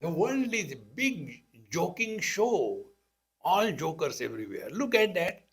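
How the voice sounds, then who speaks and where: A man's voice: fairly high pitch, big pitch swings, a little slow. Indian-accented male spiritual teacher, storytelling discourse, voices his characters, wry humor. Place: talk to a live audience.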